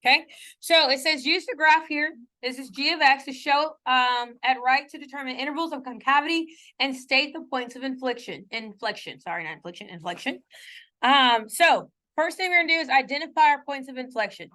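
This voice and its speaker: A woman math teacher lectures in a classroom with a high, light voice. She keeps it casual and conversational, poking fun at her own slips. She often pauses to ask whether her students follow along. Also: pushed and bright. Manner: chatty, often checks in with students; playful self-mocking asides.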